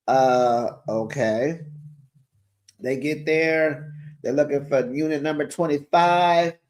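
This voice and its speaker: A man with a fairly high voice runs through a reality show recap in gossip mode. He is sassy and chatty, sprinkling in honey and child as he talks to his viewers like friends. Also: fairly even intonation, unhurried, darkish tone. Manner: sassy, chatty, addresses viewers as besties and y'all; calls listeners honey and child.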